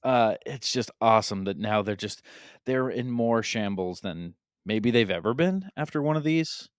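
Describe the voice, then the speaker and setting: A man with a clear, smooth voice, co-hosting a casual sports podcast. He talks with gleeful mockery and swears casually. The recording is dry and close. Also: on the low side, expressive, moderate pace, dry recording. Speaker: podcast co-host.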